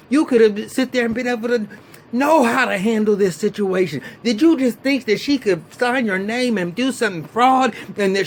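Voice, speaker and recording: A man giving a casual vlog review of a TV episode, ranting in an animated, profane and exasperated way. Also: high voice. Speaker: TV show reviewer.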